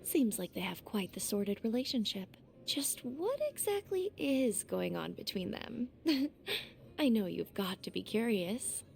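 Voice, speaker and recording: A woman voicing a composed young student council president in a game, calm with a teasing edge. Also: mid-range voice, a little slow, gravelly. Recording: game audio with faint music.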